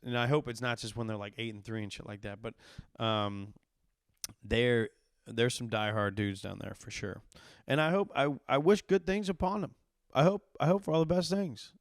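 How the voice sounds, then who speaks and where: A man in his thirties, a comedian hosting his podcast, telling a story in a casual, profane, animated way and acting out the quotes. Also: medium pitch, clean tone, no echo, studio quality. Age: 30s.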